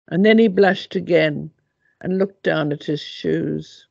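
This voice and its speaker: An older woman reads from her own memoir in a slow, gravelly voice with a husky edge. The recording is dull and dry, with no room around it. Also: fairly low pitch, a little mellow, no room sound. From South Africa. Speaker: author reading her memoir. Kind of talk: audiobook reading.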